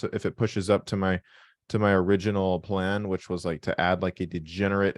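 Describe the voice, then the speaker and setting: A man hosting a live trading call, with a very low voice. He talks bluntly, cracks jokes and swears casually. The recording is dry and close. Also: a little mellow, no echo. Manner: blunt, joking, swears freely.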